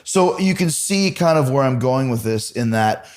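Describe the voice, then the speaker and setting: A man hosting a podcast, telling lively anecdotes in casual chat, swearing now and then. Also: medium pitch, normal speed. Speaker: podcast host.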